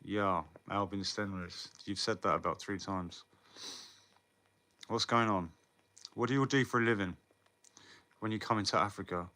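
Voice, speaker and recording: A man talks loosely to his viewers, answering their comments and swearing freely. His voice sits a little low but comes across bright and forceful. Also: steady tone, moderate pace, pauses often. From England. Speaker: livestreamer. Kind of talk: casual live chat with viewers.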